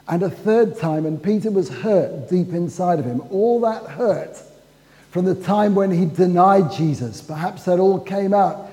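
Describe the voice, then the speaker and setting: Slow, mellow-voiced preacher in a hall. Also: male voice, high-pitched. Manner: storytelling, acts out quoted dialogue. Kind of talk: sermon. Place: church. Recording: long hall reverb.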